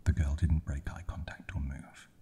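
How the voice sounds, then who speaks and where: A man whispering a bedtime horror story in a slow, hushed ASMR reading. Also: a bass voice, completely flat delivery, breathy edge.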